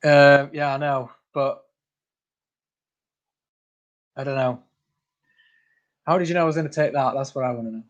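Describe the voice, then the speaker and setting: A man's voice: mid-range voice, fairly even intonation, a little fast. A man hosting a casual livestream, reading out viewer comments, laughing often and calling people mate. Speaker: channel host.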